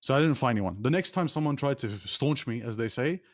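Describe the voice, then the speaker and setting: A man, a streamer telling rambling, animated stories as an interview guest. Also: fast. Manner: animated, rambling, with sudden pitch jumps. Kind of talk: casual storytelling.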